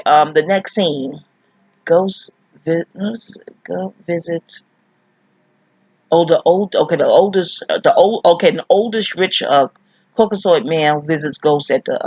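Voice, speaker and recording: A husky, low-pitched middle-aged woman rambling through a profane, scattered TV review. She talks to her listeners and her computer in the same breath, and her voice jumps sharply upward when she gets worked up. The audio is dull and lo-fi, with a dry, close sound. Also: no room sound. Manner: animated, leaps high in pitch for emphasis. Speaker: TV show reviewer. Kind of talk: rambling casual commentary.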